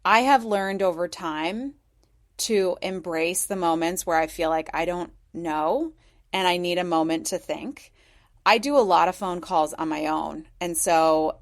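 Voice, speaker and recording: A woman with a voice a little on the low side talks through her ideas as a podcast guest. She is measured and thoughtful, with a gentle coaching tone. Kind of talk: conversational explanation.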